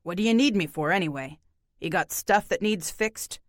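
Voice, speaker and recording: A woman's voice: fairly low pitch, moderate pace, dry recording, studio quality, lightly acted. A woman reading an audiobook voices a blunt, laconic grown man who speaks in clipped, folksy sentences. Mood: flat, blunt. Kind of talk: audiobook character voice.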